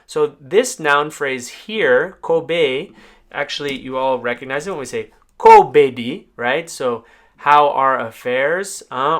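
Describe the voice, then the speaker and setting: A man's voice: mid-range voice, a bit bright. Man patiently explaining song lyrics. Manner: clear, patient explanations with frequent "right?" check-ins. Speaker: language teacher.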